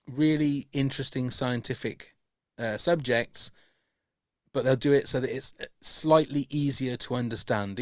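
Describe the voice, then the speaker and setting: A man's voice: mid-range voice, no room sound, studio quality. A man hosting a podcast, chatting with enthusiasm and lots of restarts. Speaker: podcast host. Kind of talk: casual podcast chat.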